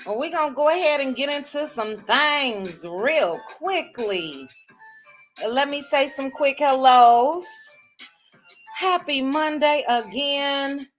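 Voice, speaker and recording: A woman hosting a livestream, greeting viewers by name in a casual chat with drawn-out, chatty greetings. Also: high-pitched, animated, faint music behind. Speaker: livestream host.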